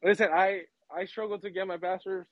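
A man phones in to a podcast for a casual chat, speaking fast in a high, level voice. He's blunt and earnest, laughing between his points. The phone-in audio sounds dull and dry, with no room sound.

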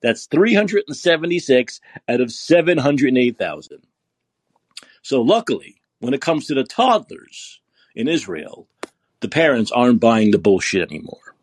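A man's voice: mid-range voice, very animated, moderate pace, husky, no room sound. A man hosting a podcast, delivering a profane, sarcastic political rant. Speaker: podcast host. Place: San Francisco.

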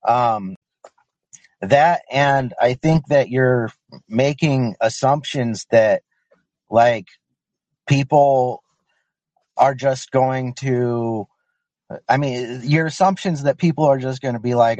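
Slow, halting man on a dry line. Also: medium pitch, darkish tone, no echo, muffled recording. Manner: hesitant, halting, lots of "um" and "like". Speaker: caller. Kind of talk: call-in podcast debate.

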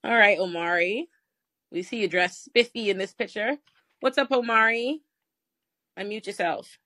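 A woman from the West Indies hosting a live call-in podcast, an attorney who talks in an animated, teasing, slangy way. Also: mid-range voice, normal speed, no room sound. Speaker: host and attorney.

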